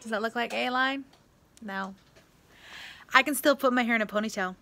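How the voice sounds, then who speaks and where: A woman's voice: a little high, normal speed, sharp tone. A woman vlogging in a casual, rambling way, telling her story with an exasperated tone. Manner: chatty, exasperated, rambling with fillers.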